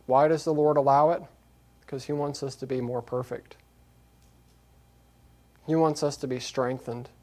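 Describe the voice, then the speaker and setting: A man preaching a sermon, moving from quiet reflection to raised, emphatic scripture reading. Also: mid-range voice, fairly even intonation, moderate pace, pauses often. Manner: earnest, repetitive exhortation.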